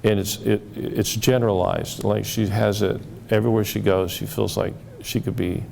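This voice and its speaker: A man telling stories from his therapy cases, halting and repeating words as he acts out quoted dialogue. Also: on the low side, fairly even intonation, gravelly, a little mellow, a little hiss or hum. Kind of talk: storytelling talk.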